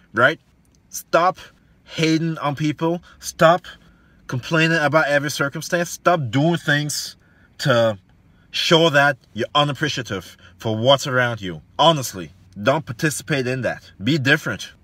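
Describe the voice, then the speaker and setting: Man, motivational coach monologue, bright tense voice, rhetorical questions, slangy, dry room. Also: medium pitch, dry recording. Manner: preachy, repeats lines, rhetorical questions, slangy. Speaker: online fitness coach.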